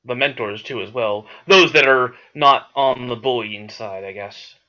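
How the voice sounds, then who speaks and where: A man in a tabletop role-playing game, thinking aloud in character and restarting his sentences. His bright voice comes through a dull, lo-fi microphone. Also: medium pitch, a little slow. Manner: rambling with restarts. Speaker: player.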